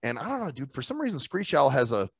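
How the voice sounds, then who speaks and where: A man's voice: medium pitch, huge pitch swings, fast talker, vocal fry, husky, no echo. A man co-hosting a casual chat, swearing freely and laughing through his stories. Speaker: podcast co-host.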